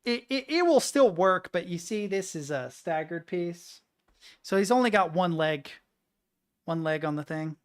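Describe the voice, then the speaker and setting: A woman streamer chatting casually to her viewers, swearing and excitable, muttering between outbursts. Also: on the low side, unhurried, smooth. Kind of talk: casual live-stream chat.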